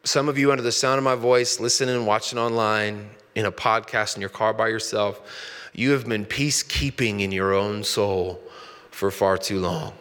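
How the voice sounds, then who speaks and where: Bright-voiced male pastor preaching. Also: fairly low pitch, fairly even intonation, normal speed, in a large hall. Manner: conversational storytelling, building to passionate preaching. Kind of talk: sermon.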